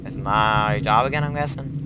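A man's voice: on the low side, normal speed. Jumpy young man with a noisy home mic. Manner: jumpy, excitable, yelps when startled. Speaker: gaming channel host. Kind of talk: let's play commentary. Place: home room.

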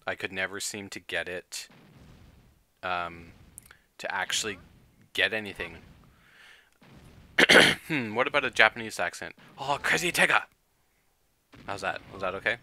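A man with a sharp, very bright and slightly low voice chats with his stream viewers. He talks casually, thinks aloud and keeps clearing his throat between remarks. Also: unhurried, pauses often. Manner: chatty, thinks aloud with fillers and laughs. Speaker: game streamer.

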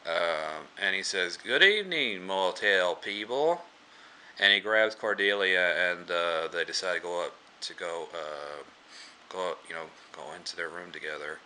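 A man with a low voice that has a sharp, pressed edge to it. He recaps a film loosely, stumbling through restarts and filler words. He keeps pausing to clear his throat. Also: level tone, a little hiss or hum. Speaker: movie reviewer. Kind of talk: casual plot retelling.

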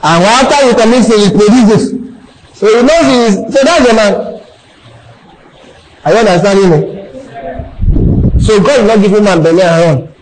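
A man's voice: sits high, lively intonation, moderate pace, pauses often, a little mellow, rough recording. A middle-aged man with a Nigerian accent preaching a sermon in church, repeating key phrases and constantly checking that the congregation is following. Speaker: pastor.

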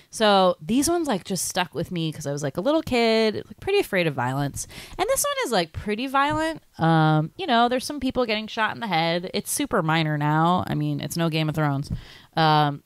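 A young woman with a low-set voice chats on a podcast, recorded close and dry. She talks in an animated, loose way, laughing often and dropping "like" into nearly every sentence. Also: smooth, dry recording. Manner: animated, laughing, heavy use of "like". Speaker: podcast co-host. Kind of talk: casual chat.

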